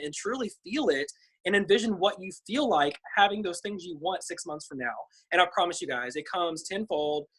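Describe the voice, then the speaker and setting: Bubbly young woman, husky voice. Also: medium pitch, a bit bright, low-quality recording. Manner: bubbly, chatty, full of fillers. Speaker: team member sharing tips. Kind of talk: casual group video call. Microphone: video call.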